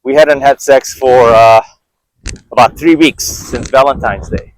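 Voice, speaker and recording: Speaking unhurriedly in a mid-range voice, this vlogger shares candid stories about his life with viewers, and the recording is dry and rough. His manner is conversational, with repeated words and frequent pauses to ask "right?"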